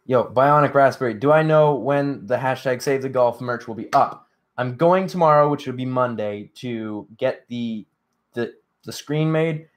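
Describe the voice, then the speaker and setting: A man's voice: mid-range voice, measured pace. A sleepy young man hosting a casual live stream, rambling with lots of fillers and answering chat. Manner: rambling, filler-heavy, reads chat aloud. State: sleepy, yawning. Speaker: livestream host.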